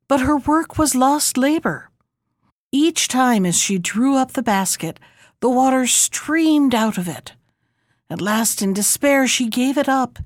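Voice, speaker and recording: A woman narrating a fairy tale with a fairly high voice, expressive and measured. The recording is dry and close. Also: no room sound. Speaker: storyteller. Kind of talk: storybook reading.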